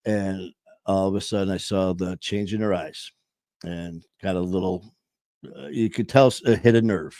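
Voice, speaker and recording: A man with a lilt talks loosely, full of ums and restarts, as he hosts his own show. His voice sits a little low. The sound is dry and close, with no room around it. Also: moderate pace, warm tone, no room sound. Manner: rambling, full of fillers and restarts. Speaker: podcast host. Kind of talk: casual monologue.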